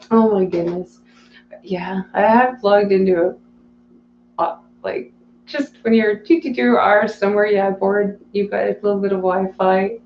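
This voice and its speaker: A woman hosting a casual live stream, reading viewer chat aloud, chatty and quick to laugh. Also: medium pitch, reverberant, lo-fi sound, a little hiss or hum.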